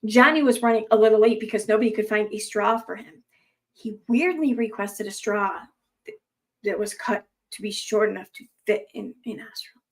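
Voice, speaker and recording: A woman's voice: medium pitch, moderate pace. A young adult woman reading online posts aloud and adding rambling, sarcastic commentary full of fillers.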